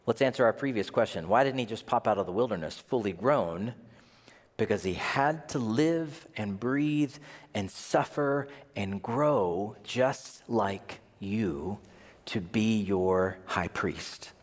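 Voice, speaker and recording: Man, pastor, sermon, lively pitch, hushed to loud, long hall echo. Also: takes it slowly. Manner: animated, swings from hushed to near-shouting. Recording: long reverb of a large hall.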